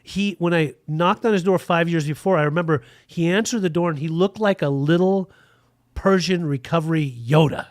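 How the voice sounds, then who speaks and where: A man's voice: fairly high pitch, moderate pace, no room sound. Frank, rambling man with a dry sound. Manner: rambling, frank, full of "like" fillers. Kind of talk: casual storytelling in a podcast interview.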